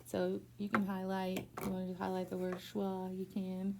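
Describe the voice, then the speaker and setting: A woman's voice: mid-range voice, monotone, moderate pace, creaky, background noise. A woman teaching reading one-on-one, prompting a student step by step with patient encouragement. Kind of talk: one-on-one phonics tutoring.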